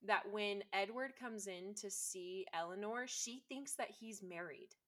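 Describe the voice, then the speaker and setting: A woman's voice: medium pitch, unhurried. A woman chatting casually and enthusiastically, with lots of fillers. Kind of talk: casual chat.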